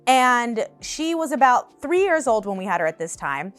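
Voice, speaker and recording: A woman in her twenties, a vlogger in her apartment, telling animated, casual storytime chat and laughing often. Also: on the high side, moderate pace, smooth, no room sound, faint music behind.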